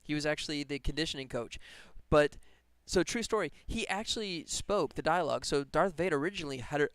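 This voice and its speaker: A game developer with a slightly bright voice on the high side talks casually on a live stream while he works, with no echo in the recording. He rambles and laughs often as he goes.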